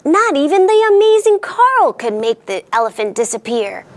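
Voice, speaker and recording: A woman's voice: high voice, very animated, normal speed, a little hiss or hum. A woman hosting a children's storytime, reading a picture book aloud in a sing-song storyteller voice and putting on playful voices for the characters.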